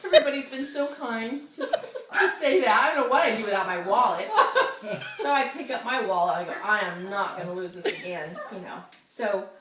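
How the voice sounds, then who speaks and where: A woman telling a friend a story in casual chat, animated, often laughing and acting out the people she quotes. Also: mid-range voice, brisk. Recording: roomy, distant mic, noisy background.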